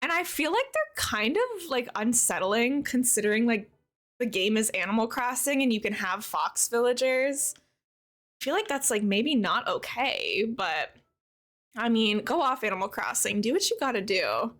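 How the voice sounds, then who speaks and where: A woman's voice: fairly high pitch, very animated, normal speed, fairly bright tone. A young adult woman streamer chatting casually with her viewers, greeting them by name and laughing often. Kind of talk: casual live-stream chat.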